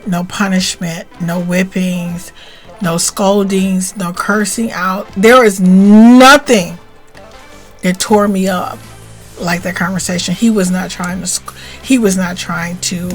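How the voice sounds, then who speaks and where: Emotional woman telling a personal story. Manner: emotional, animated retelling with rising pitch and tearful outbursts. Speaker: spiritual vlogger.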